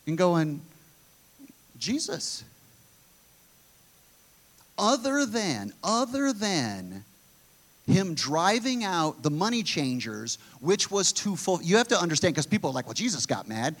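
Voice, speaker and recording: A man's voice: sits high, sing-song, measured pace, fairly bright tone. Earnest man preaching casually. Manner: earnest, with frequent restarts. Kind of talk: conversational sermon.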